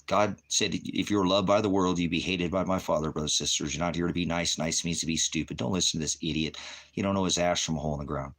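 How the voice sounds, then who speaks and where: Profane, combative low-voiced man. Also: fast talker. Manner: profane, combative, berating commenters; repetitive, shifting between shouting and muttering. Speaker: online preacher. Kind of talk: livestream rant at chat.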